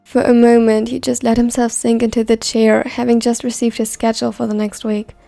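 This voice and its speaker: Gravelly-voiced woman reading a story. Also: a little high, level tone, a little fast, warm tone, faint music behind. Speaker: story narrator. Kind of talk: scripted narration of a fan story.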